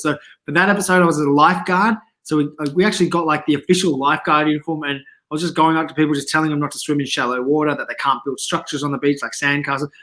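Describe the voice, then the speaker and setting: A man, a comedian guest in a casual interview, telling animated anecdotes and laughing often. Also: fairly high pitch. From Australia.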